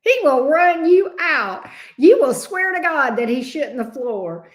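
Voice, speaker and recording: Woman, livestream host, chatty drawl, slightly high voice. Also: very animated, unhurried. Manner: chatty, drawling, answers viewers by name. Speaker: tarot reader hosting a livestream. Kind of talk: casual livestream chat.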